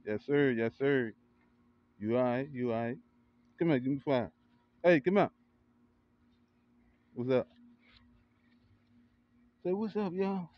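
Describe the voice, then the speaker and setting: Man vlogger, casual backyard hype commentary, cheers loudly and laughs a lot, mid-pitched, slightly muffled lo-fi phone sound. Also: slow pace, long pauses. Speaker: vlogger and kennel owner. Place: outdoor backyard by a grill.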